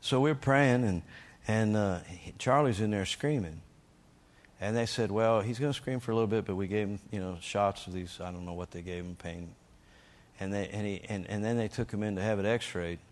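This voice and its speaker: Lower-pitched man preaching a lively testimony. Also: moderate pace. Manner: energetic, emphatic storyteller who acts out shouted quotes. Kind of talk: sermon testimony storytelling.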